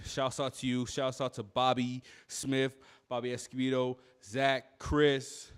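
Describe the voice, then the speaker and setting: A man hosting a live comedy showcase, closing the night with announcements and shout-outs. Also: on the high side, clean tone. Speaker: comedy show host. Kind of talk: wrapping up a live comedy show.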